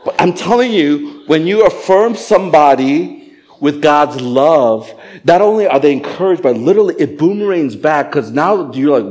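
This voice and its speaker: A middle-aged male pastor preaching a sermon, animated and joking, acting out little voices. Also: on the high side, normal speed. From Asian family background. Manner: animated, acts out voices and jokes.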